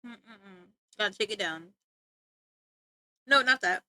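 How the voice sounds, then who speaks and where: A woman's voice: mid-range voice, lively intonation, slow pace, pushed and bright, no room sound. A woman streaming live, chatting casually with her viewers, often giggling and talking back to chat. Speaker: livestreamer.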